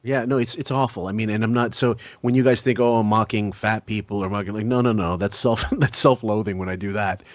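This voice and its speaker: A man's voice: fairly low pitch, fairly even intonation, fairly quick, few pauses, dry recording. A man hosting a podcast, giving crude, rambling comic commentary and laughing often. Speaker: podcast host. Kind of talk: casual comedic commentary.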